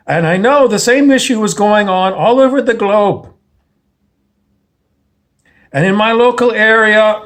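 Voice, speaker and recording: A man giving a blunt, profane, lecturing monologue in a confrontational style. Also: sits high. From Canada. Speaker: self-help speaker.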